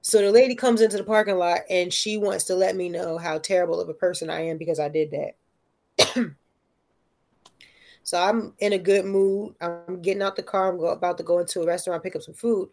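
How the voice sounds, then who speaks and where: A woman telling a story in casual chat, animated and profane, often checking in with "right?". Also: on the low side, fairly quick, soft background music.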